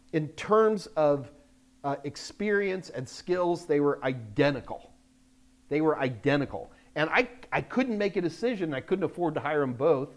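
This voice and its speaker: Older male host for a live Q&A, blunt and emphatic, slightly high-pitched speaking voice. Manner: blunt, emphatic, gets loud when frustrated. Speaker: host answering viewer questions. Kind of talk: live Q&A chat. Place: Texas, United States.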